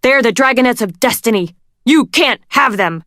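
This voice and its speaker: Gruff old male dragon yelling hard, woman putting on the voice, raised and loud. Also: a little high, expressive, measured pace, dry recording, clean studio sound, voice pushed up. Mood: furious. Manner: shouting, fierce.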